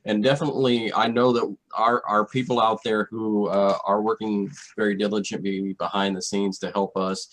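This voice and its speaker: A man's voice: lowish voice, little pitch movement, normal speed, hardly any pauses, a bit bright, poor audio. A man hosting a radio talk show in casual chat, thanking guests with lots of "uh" fillers.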